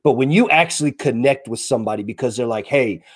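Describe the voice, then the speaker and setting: A man's voice: mid-range voice, quick pace. A man co-hosting a casual chat, reflective and searching for the right words.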